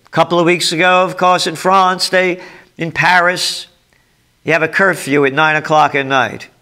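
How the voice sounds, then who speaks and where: Emphatic New York man, bright voice. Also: a little high, little pitch movement, normal speed. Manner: emphatic, sarcastic, punchy delivery. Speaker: trend forecaster. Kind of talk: ranting commentary.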